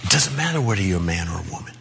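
A man's voice: low voice, sing-song, racing, creaky, a bit bright, slight background noise. A man preaching a sermon in a loose, conversational way, with chuckles as he talks.

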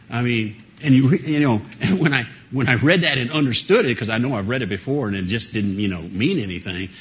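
A man's voice: medium pitch, expressive, normal speed, slightly rough. A man teaching a Bible study to a small group, talking conversationally with frequent fillers and laughs and asking the group questions.

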